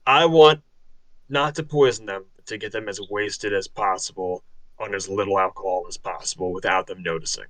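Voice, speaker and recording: A man's voice: fairly low pitch, normal speed, a bit bright, dry recording, low-quality recording. A man playing a tabletop game with friends, chatty and eager as he plots. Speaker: player. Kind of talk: casual tabletop play.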